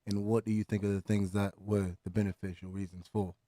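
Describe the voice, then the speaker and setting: Guy doing a put-on accent, fake serious sports interviewer, kinda low voice, dry studio sound. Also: flat delivery, a little fast, warm tone, dry recording, lightly acted. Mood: earnest. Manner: mock-formal, indignant when teased. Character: mock self-important male sports interviewer.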